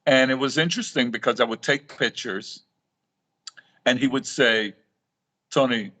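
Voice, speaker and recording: Middle-aged man telling lively stories. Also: mid-range voice, moderate pace. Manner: animated storytelling, acting out quoted dialogue with repeated restarts. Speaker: guest, reef aquarium author. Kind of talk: storytelling in a live talk show interview.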